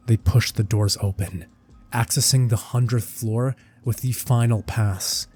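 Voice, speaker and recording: Husky male narrator over soft music. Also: medium pitch, fairly even intonation, a little slow. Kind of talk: dramatic fan-fiction narration.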